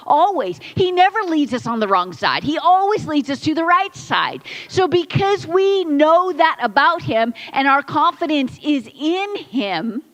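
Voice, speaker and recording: A woman's voice: high voice, low-quality recording. A woman pastor preaching a conversational sermon in a church, building points through repetition and quoted asides. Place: church sanctuary.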